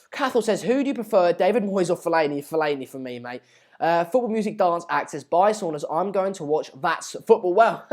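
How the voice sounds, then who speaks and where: Chatty man hosting a match stream. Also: a little high. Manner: chatty, reads out viewer comments. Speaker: live stream host. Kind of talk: casual live match commentary.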